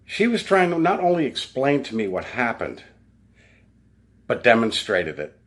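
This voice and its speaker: A man's voice: medium pitch, huge pitch swings, moderate pace, a bit bright. A man in the food industry telling a work story in a casual monologue, acting out other people's lines.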